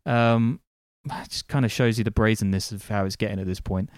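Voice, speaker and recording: Smooth low-voiced man telling a story. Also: fairly even intonation, a little fast, darkish tone, no room sound. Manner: wry, dry asides with frequent ums. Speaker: podcast host. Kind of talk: casual storytelling from notes.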